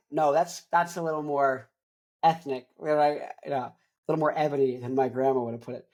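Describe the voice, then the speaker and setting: A man's voice: on the high side, steady tone, brisk, a little mellow. A man in his twenties hosting a show, talking casually in a rambling, tangent-prone way. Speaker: host. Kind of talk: casual chat.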